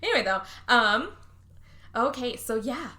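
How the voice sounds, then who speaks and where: A woman hosting a podcast, recapping a movie in casual chat, animated and swearing, acting out the characters' lines. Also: fairly high pitch, measured pace. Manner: animated, swearing, acts out quotes. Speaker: podcast host.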